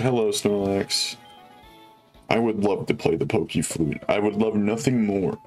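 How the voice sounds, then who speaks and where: Young male let's-play host, low-ish voice, casual upbeat gameplay chatter. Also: measured pace, a little mellow, soft background music. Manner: chatty and upbeat, talks to viewers, many fillers.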